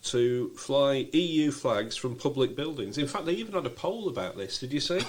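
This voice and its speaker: A man's voice: mid-range voice, lively intonation, normal speed. A British man co-hosting a casual comedy podcast, reading out letters and quotes in a dry way. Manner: dry, reads listener letters and quotes aloud. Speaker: podcast co-host.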